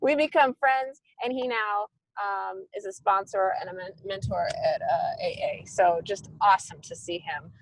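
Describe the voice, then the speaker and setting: A middle-aged woman, a nonprofit founder, telling stories in a lively conversational way and acting out the dialogue. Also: medium pitch, moderate pace, few pauses, dry recording, poor audio. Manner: animated, acts out quoted dialogue. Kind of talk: conversational storytelling.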